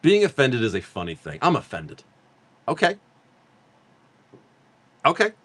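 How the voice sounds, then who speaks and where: A man's voice: medium pitch, wildly swooping pitch, unhurried, fairly bright tone. Rambling, swearing middle-aged man. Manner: rambling, profane storytelling, laughs often. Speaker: live-stream card seller. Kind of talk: casual live-stream chat.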